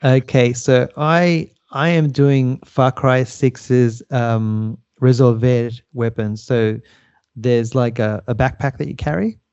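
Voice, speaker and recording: A man hosts a game segment on a podcast in easygoing, casual chat. He drifts through fillers and little laughs, and his voice is soft and mellow. The audio sounds slightly dull and very dry. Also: medium pitch, fairly even intonation, slow pace, clear, resonant tone, dry recording. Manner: laid-back, with frequent fillers and chuckles.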